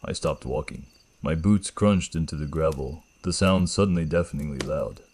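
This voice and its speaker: A man with a slight gravel in his throat, telling a first-person horror story in a slow, measured, ominous way. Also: extremely low pitch, darkish tone, a little hiss or hum.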